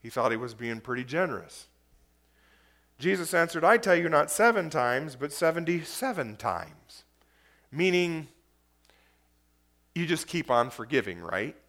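A high-pitched man preaching to a congregation. He reads scripture aloud and comments on it in plain, everyday words. He keeps checking in with his listeners through questions. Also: very animated, a little slow, long pauses, a bit bright. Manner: conversational, asks the audience questions. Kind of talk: sermon reading scripture with commentary.

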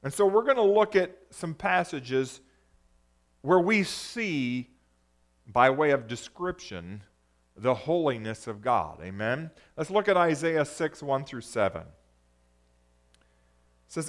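A man's voice: on the high side, very animated, measured pace. A man preaching a sermon, reading scripture emphatically and calling to the audience for responses. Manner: emphatic, rises to loud exclamations when reading scripture.

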